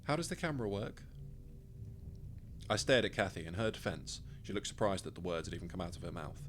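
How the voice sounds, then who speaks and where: A man with a low voice reads his own story aloud in the first person. His delivery is dry and wry, in steady scripted narration. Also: fast talker, faint music behind.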